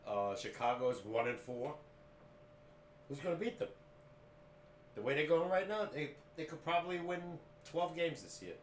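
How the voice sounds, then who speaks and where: A man's voice: fairly high pitch, animated, normal speed, pauses often, roomy sound, slight background noise. A man co-hosting a sports podcast, talking steadily and plainly, reeling off team records in casual chat. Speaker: podcast co-host, father of the other host.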